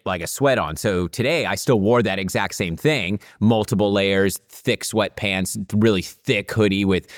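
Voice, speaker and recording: A man's voice: low-pitched, no echo, clean studio sound. A man hosting a podcast in casual chat, chatty with lots of fillers. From California. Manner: chatty, laughs easily, many fillers. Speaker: podcast host.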